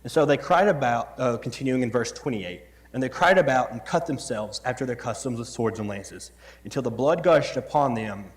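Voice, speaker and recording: A man's voice: medium pitch, fairly quick. A man preaching a sermon in a church, reading scripture and adding conversational, joking asides. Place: church sanctuary. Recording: long church hall reverb.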